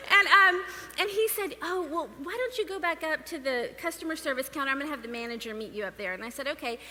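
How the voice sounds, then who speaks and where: A woman telling a lively, laughing story in church, acting out the dialogue. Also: high-pitched, quick pace. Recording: reverberant hall with faint noise.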